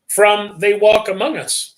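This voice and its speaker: A man's voice: sits high, little pitch movement, measured pace, echoey room, pitched above the performer's own voice. A man reading a story aloud on a livestream, voicing an eager teenage boy who blurts out conspiracy tales.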